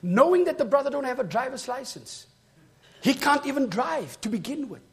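A man preaching a sermon. He tells a story and then builds to shouted, rhythmic preaching. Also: extremely high pitch, big pitch swings, moderate pace.

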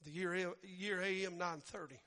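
A man preaching a storytelling sermon who builds to shouting fervor. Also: high voice, fairly even intonation, unhurried, in a large hall.

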